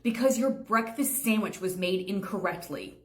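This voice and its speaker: A woman's voice: medium pitch, animated, moderate pace, echoey room. A woman playing a store worker in a comedy skit, talking in a firm, exasperated, matter-of-fact way.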